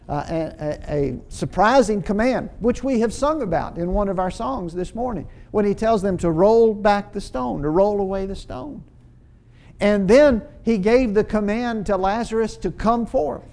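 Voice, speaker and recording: A man with a high voice delivers a sermon, walking his listeners through scripture in an earnest, explanatory way. He drives points home by repeating phrases, and his delivery has small stumbles and restarts. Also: dark tone. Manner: earnest expository preaching with emphatic repeated phrases. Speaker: preacher.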